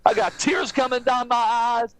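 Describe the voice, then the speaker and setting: A man being interviewed as a guest on a podcast, telling stories and giving advice in an animated, emphatic way. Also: normal speed, no room sound, soft background music, rough recording. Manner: animated, emphatic storytelling that rises in pitch at exciting moments. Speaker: guest, keynote speaker.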